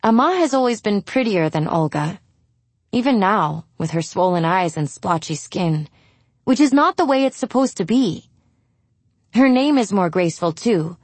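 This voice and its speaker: A woman's voice: mid-range voice, animated, moderate pace, no room sound. A woman reading a first-person novel aloud in a blunt, wry, exasperated voice. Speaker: audiobook narrator.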